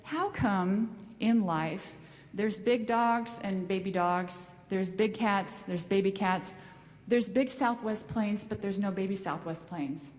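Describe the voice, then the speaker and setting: A woman's voice: mid-range voice, slow, a little mellow, natural voice. A woman voicing a curious little boy on a plane who earnestly asks questions. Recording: long echoing hall reverb.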